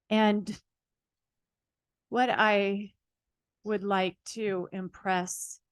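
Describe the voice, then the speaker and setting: Measured, unhurried woman commenter at the podium, dry sound. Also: mid-range voice, clear, resonant tone, no echo. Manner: slow, measured, hesitant. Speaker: public commenter. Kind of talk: public comment at a council meeting.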